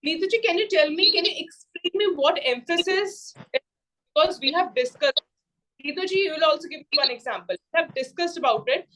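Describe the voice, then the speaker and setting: Indian woman tutor, high-pitched, patient explainer, online class. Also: fairly bright tone, rough recording. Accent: Indian English. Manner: explains slowly, repeats points, mixes in Hindi phrases. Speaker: spoken English tutor. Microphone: video call.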